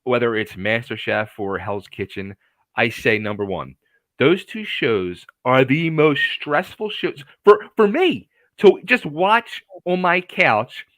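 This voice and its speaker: Animated male interview host. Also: medium pitch, takes it slowly, dry recording. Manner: animated and excitable, swears casually. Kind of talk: casual interview chat.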